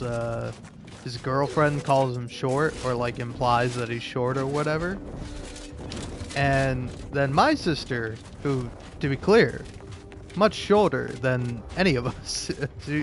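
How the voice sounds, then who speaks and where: A man's voice: medium pitch, noisy background. A young man casually telling a rambling story while playing a game, often restarting his sentences, laughing and swearing. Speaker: gaming video creator.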